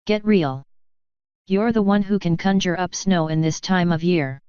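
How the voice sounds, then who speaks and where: An earnest, smitten young male pony speaks eagerly in a low, clear voice, as a woman reads him aloud. It is a dry, slightly muffled storybook reading. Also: unhurried, mellow, no room sound, close to an everyday voice.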